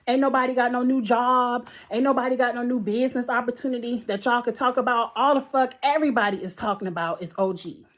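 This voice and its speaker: A woman's voice: on the high side, steady tone, fast, hardly any pauses. Blunt, profane woman ranting. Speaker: reality TV reviewer. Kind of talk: ranting commentary vlog.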